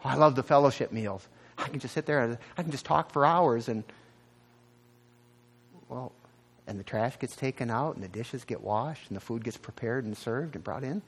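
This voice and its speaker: A man from the American Midwest preaching a sermon as a pastor. He tells stories in an animated way and jumps up in pitch for emphasis. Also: normal speed, husky.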